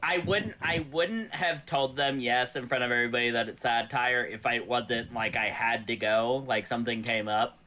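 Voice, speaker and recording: A man's voice: medium pitch, steady tone, normal speed, few pauses, sharp tone, slight background noise. A man from the US South chatting casually as a guest, rambling loosely with many fillers. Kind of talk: casual chat.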